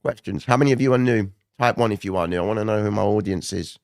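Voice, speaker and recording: A man doing casual live market commentary who keeps checking in with viewers, his voice rougher than usual. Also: lowish voice, quick pace, no room sound, studio quality. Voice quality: gravelly, not his normal voice. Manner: chatty, addresses viewers directly, frequent "okay?" and "right?".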